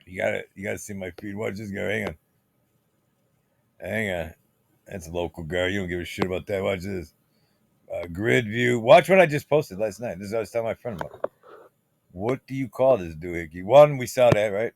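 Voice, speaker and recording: A man's voice: lowish voice, brisk, vocal fry, pauses often, slight background noise. A man hosting his own channel, rambling in casual, profane, conspiratorial commentary while showing things on his computer screen. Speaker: channel host.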